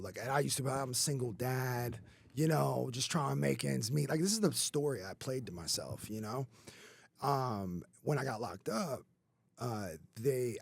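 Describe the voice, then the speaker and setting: This is candid, conversational storytelling: a thirty-something man recounts his life on a podcast in a loose, rambling way, peppered with filler words and curses. He has a medium-pitched, slightly rough voice with vocal fry, and the audio has no echo.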